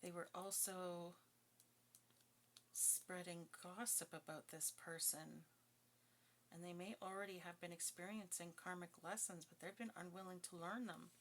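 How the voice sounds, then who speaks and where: A woman's voice: fairly low pitch, fairly even intonation, a little slow, slight background noise. A woman giving a casual tarot reading, chatty and blunt, breaking into giggles and swearing now and then. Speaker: tarot reader.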